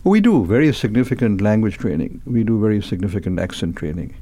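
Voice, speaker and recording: A man's voice: fairly low pitch, lively intonation, fast talker, warm tone, dry recording. An older man answering interview questions as a company chairman, hesitant, with many fillers and repeated words.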